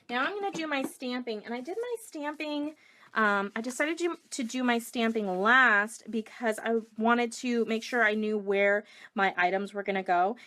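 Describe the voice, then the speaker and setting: A middle-aged woman with a slightly high, fairly bright voice demonstrates a paper craft project live. Between steps she chats, greets viewers, and reads their comments out loud.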